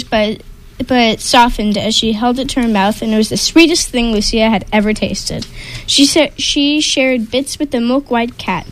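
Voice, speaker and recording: A woman reading a picture book aloud, expressive, with small slips. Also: on the high side, low-quality recording. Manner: expressive, with sound effects. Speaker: storyteller.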